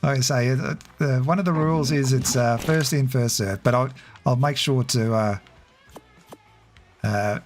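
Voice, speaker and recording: A man's voice: medium pitch, measured pace, faint music behind. A man chatting casually while streaming a game, greeting viewers by name and laughing often. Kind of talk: casual livestream chat.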